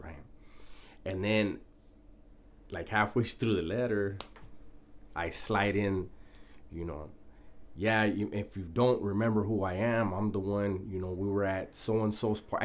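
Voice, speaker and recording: A man's voice: low-pitched, a little hiss or hum. A man telling a prison story in a laid-back, profane, casual way, often breaking into laughter.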